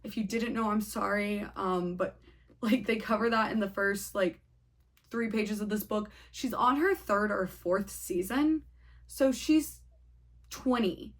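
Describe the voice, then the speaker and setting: A woman's voice: medium pitch, unhurried. A young woman chatting casually through a book review, rambling and saying "like" a lot.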